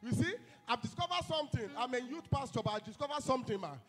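Delivering a fiery sermon to his congregation, this young Nigerian man, a youth pastor, keeps shouting calls and throwing out "hello?" again and again. He has a very high, expressive voice and a quick pace.

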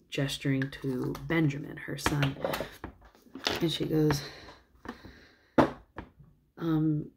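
Low, mellow woman rambling through a story. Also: level tone, takes it slowly, vocal fry, pauses often, a little hiss or hum. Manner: rambling, with fillers and soft asides. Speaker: vlogger. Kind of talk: casual storytelling, retelling a film.

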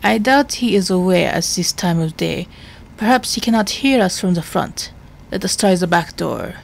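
A woman voicing a formal, earnest male Victorian doctor in a video game, measured and grave. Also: fairly low pitch, lively intonation, gravelly.

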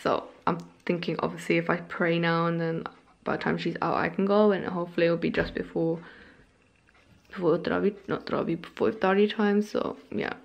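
The recording is muffled, carrying a young woman's lowish voice with vocal fry, a steady tone and a slightly fast pace. She's a tired vlogger chatting casually to camera in her bedroom at home, rambling, self-deprecating and a little out of breath.

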